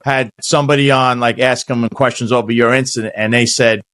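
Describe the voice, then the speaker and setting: A man's voice: mid-range voice, steady tone, a little fast, fairly bright tone, dry recording. A man hosting a podcast interview in a casual, rambling way, often restarting his sentences. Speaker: podcast host.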